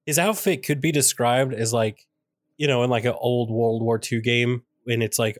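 A man co-hosting a podcast in casual chat, halting and laid-back with frequent restarts. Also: mid-range voice, steady tone, no room sound, studio quality. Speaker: podcast co-host.

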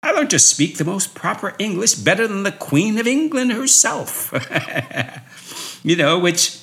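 A man's voice: high voice, big pitch swings, unhurried, gravelly, a bit bright. A man from New York giving a personal motivational talk, chuckling often and repeating phrases for emphasis. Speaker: speaker.

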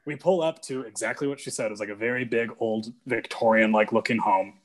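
A man's voice: fairly low pitch, steady tone, fairly quick. A young man, a musician guest on a podcast, telling a story casually with many fillers.

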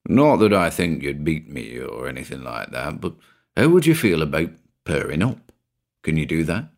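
A man doing a gruff, boozy old schemer. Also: extremely low pitch, big pitch swings, normal speed, voice pushed down, heavily acted. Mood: gruff scheming. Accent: British. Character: older man, blunt, boozy ex-chemistry teacher.

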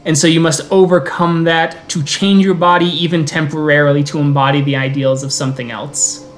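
Unhurried game master narrating a tabletop game. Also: male voice, a little high, flat delivery, faint music behind. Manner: descriptive, unhurried narration with quick rules calls.

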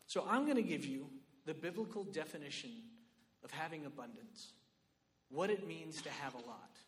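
A man preaching a sermon in an animated, conversational way, often checking in with his listeners. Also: a little high, moderate pace, long reverb tail. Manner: animated, conversational, lots of "right?" and "like".

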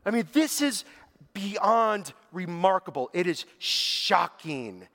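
A man preaching a sermon, telling the story with animated quotes and casual filler words. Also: high-pitched, takes it slowly.

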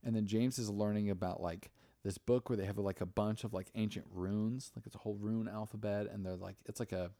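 A young man hosts a podcast, recapping a film in a loose, rambling way, full of swearing and acted-out lines. His voice sits low, and the recording is dry and close. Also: steady tone, brisk, mellow, no room sound. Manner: profane, rambling, acts out characters' lines. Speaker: podcast host. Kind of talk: casual chat, movie recap.

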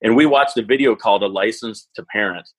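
A man in his forties, a parenting educator, telling stories in an animated, self-deprecating way on an interview. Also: on the low side, fast talker, husky, low-quality recording. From Wisconsin, US. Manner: animated, self-deprecating, acts out quoted thoughts. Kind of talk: conversational interview storytelling.

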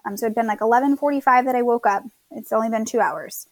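A woman's voice: fairly high pitch, fast, no room sound. A young woman casually telling her birth story, chatty, quoting others and laughing at herself.

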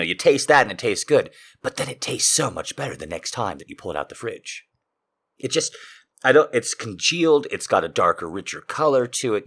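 A man's voice: on the low side, a bit bright, husky. A man, hosting a podcast in casual chat, telling rambling, profane, self-amused stories from a room at home. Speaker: podcast host and author. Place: home room with ceiling fan running.

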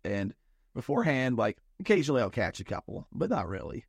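A man's voice: mid-range voice, big pitch swings, fairly quick, gravelly, slightly rough, dry recording, clean studio sound. A man co-hosting a podcast in casual chat, rambling and thinking aloud with many restarts. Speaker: podcast co-host.

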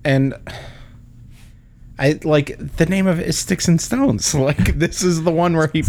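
A man's voice: a little high, unhurried, darkish tone, a little hiss or hum. Laughing, rambling man in casual chat. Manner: agreeable, laughs often, rambling with many fillers.

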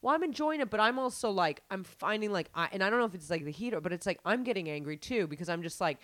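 Profane, animated young woman telling a story. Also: medium pitch, fast talker, no echo. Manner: animated, profane, lots of fillers. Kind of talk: casual storytelling chat.

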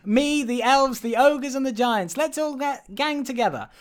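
A preachy male elf urging everyone to rise up, voiced by a man. Pitched high, raised and eager. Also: normal speed, clean tone. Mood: rousing. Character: earnest rabble-rousing elf, male.

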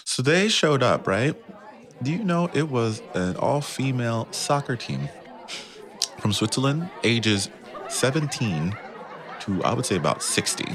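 A man, a guest on an interview show, telling an animated story about founding his tour company and laughing often. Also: medium pitch, measured pace, crowd noise. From United States.

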